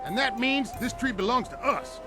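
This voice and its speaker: A man's voice: extremely high pitch, big pitch swings, normal speed, over music. An actor playing a rude, impatient male villager in a game. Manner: dismissive, impatient. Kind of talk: game voice acting.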